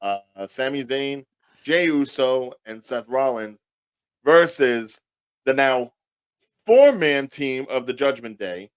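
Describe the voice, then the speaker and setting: A man co-hosting a casual podcast chat, animated and quick to cut in with questions. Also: mid-range voice, smooth, dry recording. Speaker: podcast co-host.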